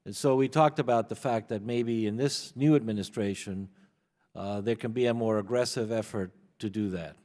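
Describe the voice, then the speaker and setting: A man's voice: fairly low pitch, normal speed, darkish tone. A man giving testimony as a witness at a committee hearing, earnest and prone to repeating words as he begins a point. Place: large hearing room. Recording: long hall reverb.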